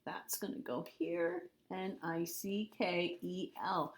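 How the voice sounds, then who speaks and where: A woman's voice: fairly low pitch, steady tone, slow. A woman teacher giving a recorded spelling lesson, patiently repeating words and spelling them out letter by letter.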